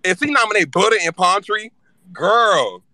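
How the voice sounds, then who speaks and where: Man guest, bright forceful voice, fast irritated rant, swears freely. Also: high-pitched, lively intonation, dry recording. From Louisiana. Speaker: live-stream guest speaker. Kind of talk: casual fan chat.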